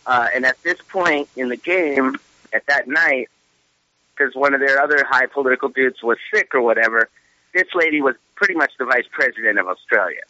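A man's voice: mid-range voice, normal speed, sharp tone, no room sound, dull audio. A man telling casual stories on a podcast, swearing freely. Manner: swears freely, tells stories with quoted asides. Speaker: podcast guest. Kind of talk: casual chat.

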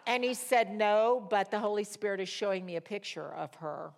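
A middle-aged woman teaching a Bible study, telling a personal testimony in an animated, storytelling way, talking fast and pitching her voice up high at the emotional moments. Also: vocal fry.

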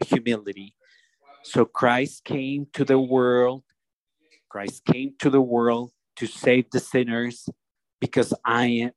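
A man preaching a sermon, slow and deliberate, often restarting his phrases as he explains a passage. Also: medium pitch, dry recording, rough recording.

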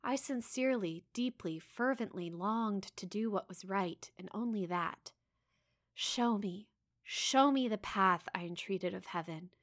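A woman's voice: medium pitch, measured pace. A woman reading a novel passage aloud with dramatic expression, a podcast co-host who also chats casually. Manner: dramatic reader, voices quoted cries and drops to hushed asides.

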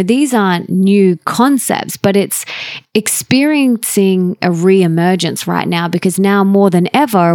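A woman hosting a podcast interview, talking warmly and reflectively about relationships in an eager, conversational way. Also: on the low side, no echo, clean studio sound. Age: adult, stepmother of an eleven-year-old. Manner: enthusiastic, reflective, speaks of her book and family. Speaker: podcast host.

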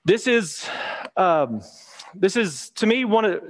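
A man's voice: sits high, lively intonation, slow pace. A man preaching a Bible lesson in a plain, conversational way, reading scripture aloud and explaining it. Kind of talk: Bible teaching sermon.

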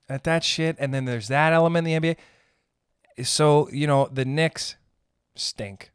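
A man hosting a podcast, ranting in a rambling, profane, comedic way and slipping into quick character voices. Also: fairly high pitch, steady tone, fairly bright tone, smooth, no room sound, clean studio sound. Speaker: podcast host. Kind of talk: casual comedic rant.

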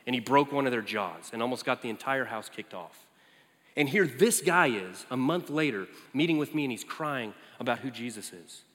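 A man preaching as a campus minister, telling a story in an animated way and leaping high in pitch for quoted lines. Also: moderate pace. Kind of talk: storytelling sermon. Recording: echoey hall.

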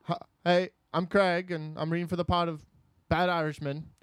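A man plays a hapless, self-important audition hopeful who stammers and agrees with everything. The voice sits high for a man. The sound is dry and close. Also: little pitch movement, moderate pace, smooth, no room sound, close to an everyday voice. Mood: amiable, fumbling. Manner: hesitant, stammering, endlessly agreeable. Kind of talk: improv comedy scene.

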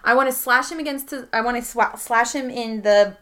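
A woman's voice: a little high, a little fast, a bit bright. A woman playing a tabletop game, eagerly asking questions and describing her moves. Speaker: player. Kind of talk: casual tabletop play.

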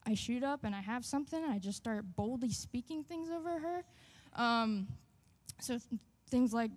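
A woman sharing a personal testimony in church, earnest and halting, with many fillers. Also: fairly high pitch, darkish tone, long reverb tail. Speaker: church member giving testimony.

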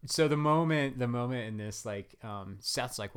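A man, a guest runner, telling his story in casual interview chat, rambling with many fillers and animated. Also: mid-range voice, moderate pace, clear, resonant tone.

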